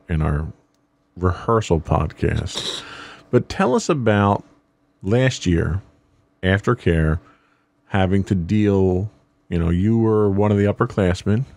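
Low-voiced man hosting a podcast. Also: darkish tone, no room sound. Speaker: podcast host. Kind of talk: casual podcast talk.

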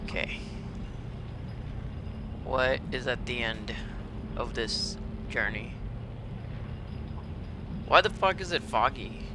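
A man commentating a horror game as he plays it, profane and excitable, often shouting at enemies. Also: mid-range voice, slow pace, long pauses. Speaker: gamer playing a horror game. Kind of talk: let's play commentary. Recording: game sound and noise behind.

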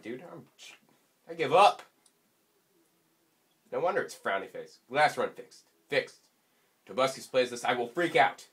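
A young man rambling through let's play commentary, self-mocking with sudden excited yelps, his voice slightly stuffy from allergies. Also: mid-range voice. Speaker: gaming YouTuber.

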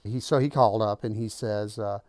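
A man's voice: on the low side, normal speed, darkish tone, dry recording. Dry-voiced man telling a story. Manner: conversational, acts out quoted lines. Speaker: channel host. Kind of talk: casual storytelling.

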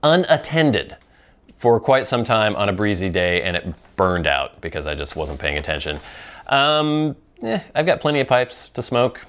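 A man's voice: on the low side, sing-song, normal speed, a bit bright, clear, resonant tone. A man hosting a pipe-smoking talk show, rambling through viewer questions in casual chat, with frequent ums and restarts.

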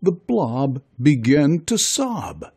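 A narrator reading a children's storybook aloud in an expressive, sing-song way. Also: mid-range voice, slow, breathy edge.

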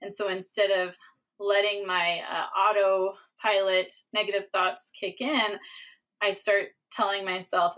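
A woman hosting a podcast interview who talks in a casual, animated way, laughs often, and acts out her own inner thoughts. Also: medium pitch, measured pace. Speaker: podcast host, doctor.

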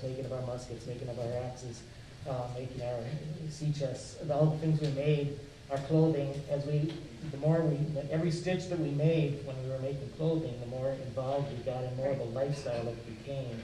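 A man in his sixties recalling a youth expedition on a live panel, halting with restarts and fillers. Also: medium pitch, mellow, slight background noise. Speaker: former expedition member. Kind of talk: panel reminiscence. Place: museum event hall. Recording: echoey room, mic at a distance.

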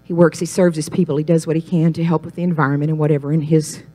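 Her tone is level and her pace quick as this Christian ministry speaker shares her testimony. Through storytelling she drives toward emphatic, rising moments, her voice growing louder and higher on the key points.

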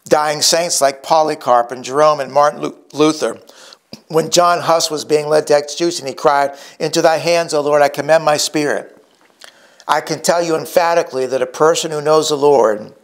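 Emphatic preaching man, higher voice. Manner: emphatic preaching, slowing for key words. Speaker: pastor. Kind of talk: sermon.

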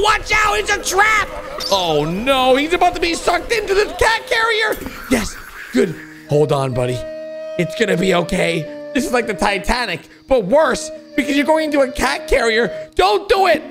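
A young man hosting a reaction video, excitable and loud, often laughing and shouting as he comments. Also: fairly high pitch. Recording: music playing underneath.

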